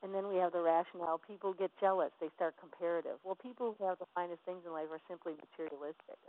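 A woman's voice: lowish voice, steady tone, quick pace, few pauses. A woman business coach giving a passionate, emphatic motivational teaching talk. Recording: tinny phone line.

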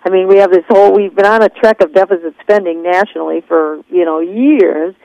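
A woman's voice: on the low side, fairly quick, warm tone, no room sound. A woman leads a team coaching call. She keeps firing off rhetorical questions at her listeners. Her voice comes through a dull, muffled, dry phone line with no room sound around it. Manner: fires off strings of rhetorical questions. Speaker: network marketing team leader.

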